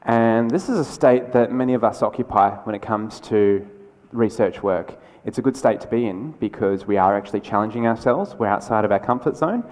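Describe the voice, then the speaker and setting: A man giving a conversational, energetic conference keynote, with quick asides and restarts. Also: lowish voice. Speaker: keynote speaker. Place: large lecture hall. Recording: lecture hall with long reverb.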